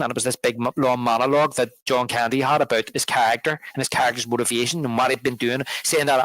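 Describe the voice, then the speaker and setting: A man co-hosting a casual film podcast, middle of the range in pitch. He rambles, restarts often and retells scenes at length. The sound is dry and close. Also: steady tone, a little fast, fairly bright tone, no echo, rough recording. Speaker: podcast co-host. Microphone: podcast microphone.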